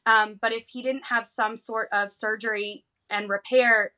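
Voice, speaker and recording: Bright-voiced woman retelling a story. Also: fairly high pitch. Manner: animated, fast retelling with lively quoted dialogue. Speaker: interview guest. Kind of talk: emotional personal storytelling.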